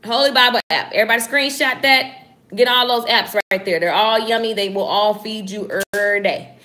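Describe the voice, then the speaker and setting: A woman hosting a casual inspirational live stream, energetic and chatty, greeting viewers by name. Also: fairly high pitch, a little fast.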